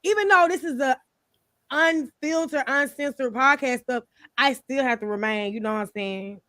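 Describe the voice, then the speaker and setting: Host type: a slightly high-voiced woman, blunt and rambling, sounding dry and up close. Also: normal speed, bright, forceful tone, dry recording. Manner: blunt, rambling, swears freely. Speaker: podcast host. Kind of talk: casual panel chat.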